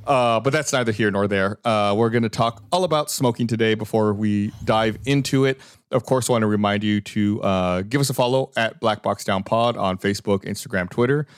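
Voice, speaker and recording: A middle-aged man hosting a podcast in casual chat, his voice slightly hoarse from a cold. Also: lowish voice, brisk, no room sound, clean studio sound. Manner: relaxed, lots of fillers and restarts. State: hoarse, recovering lost voice. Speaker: podcast host.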